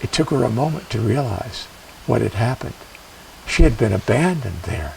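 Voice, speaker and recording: A man telling a traditional legend in a measured, expressive way with dramatic pauses. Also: medium pitch, creaky, recorded from a distance, a little hiss or hum, low-quality recording. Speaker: storyteller. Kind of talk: traditional storytelling performance.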